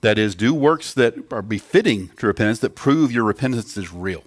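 A man's voice: fairly low pitch, expressive, moderate pace, dry recording, studio quality. A man preaching a sermon to children and adults in an earnest teaching tone, putting questions to the children. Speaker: pastor.

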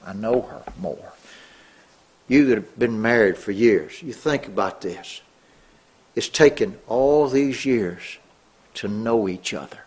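A middle-aged man preaching a sermon, earnest, rising on key words and dropping low. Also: lively intonation, slow, pauses often, a little mellow, husky.

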